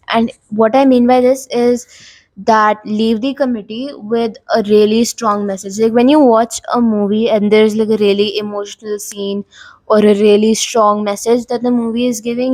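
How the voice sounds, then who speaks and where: A woman's voice: fairly high pitch, darkish tone, no room sound. A young woman hosting a tutorial video, explaining tips casually to the camera with frequent filler words. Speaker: YouTube host giving tips. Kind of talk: talking-head tutorial.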